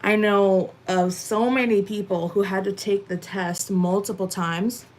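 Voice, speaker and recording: A woman's voice: mid-range voice, fairly even intonation, a little slow, a little mellow. A young woman from Massachusetts chatting casually with viewers while doing chores, rambling with lots of "like" and "um," a little out of breath. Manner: chatty, rambling, many "like" and "um" fillers. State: a bit out of breath. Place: at home.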